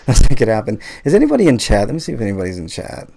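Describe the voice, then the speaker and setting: A man's voice: lowish voice, wildly swooping pitch, very fast, creaky, warm tone, slight background noise. A man hosting a live podcast in casual chat, joking and swearing, with lots of fillers. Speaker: podcast host.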